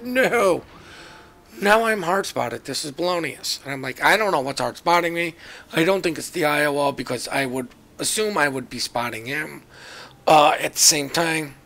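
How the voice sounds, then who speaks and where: Guy with a gravelly, kinda high voice doing chatty jokey game commentary, bright edge. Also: normal speed. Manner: joking, chatty, self-mocking. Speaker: gameplay commentator.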